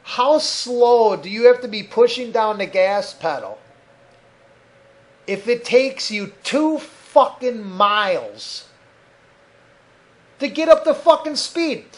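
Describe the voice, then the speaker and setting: A man rants angrily on a desk mic, his voice pitched high. He swears constantly and slips into mocking impressions of other people. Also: animated, takes it slowly, pauses often. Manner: angry, profane, loud ranting with mocking voices. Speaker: podcast host. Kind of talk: solo rant podcast. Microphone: desk mic at a computer.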